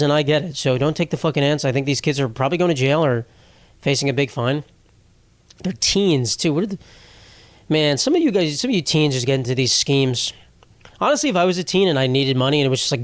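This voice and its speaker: A man's voice: fairly high pitch, expressive, fast talker, dry recording. A young man hosting a podcast alone, rambling through stories in a casual, profane comedic monologue. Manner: rambling, profane, self-interrupting. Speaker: podcast host.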